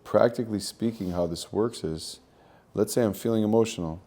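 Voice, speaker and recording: A man's voice: fairly low pitch, moderate pace, warm tone. A man coaching on spiritual growth in an earnest teaching monologue, repeating phrases and using Hebrew terms.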